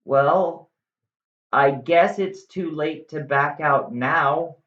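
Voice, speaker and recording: A woman's voice: low voice, extremely slow, a bit bright, full character voice. Juliet, a woman doing a melodramatic teenage girl. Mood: swooning. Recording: echoey room, slightly dull.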